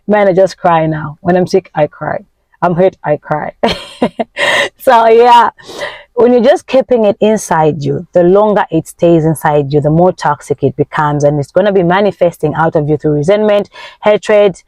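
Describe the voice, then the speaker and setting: An emphatic woman, a Nyanja speaker, coaching her viewers like a self-help preacher. Her voice leaps up and slows right down as she stresses a point. The sound is close and dry, with no room echo. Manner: emphatic and expressive, with big swings in pitch and tempo; preachy, faith-filled encouragement. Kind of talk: motivational vlog talk.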